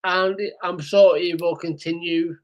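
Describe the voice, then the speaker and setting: A man co-hosting a casual podcast chat over a remote call, agreeable and halting, with many fillers. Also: sits high, steady tone, highs cut off. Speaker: podcast co-host.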